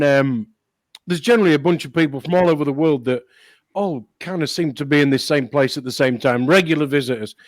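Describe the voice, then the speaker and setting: A man's voice: a little high, no room sound, low-quality recording. A man co-hosting a casual chat, telling rambling anecdotes and chuckling often. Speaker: co-host.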